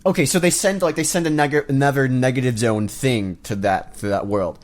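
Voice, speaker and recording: A man's voice: mid-range voice, a little fast. A man co-hosting a casual podcast, recapping a film plot in a rambling, mocking way. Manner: rambling recap with mocking quoted voices and laughs. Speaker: podcast co-host. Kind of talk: casual movie discussion.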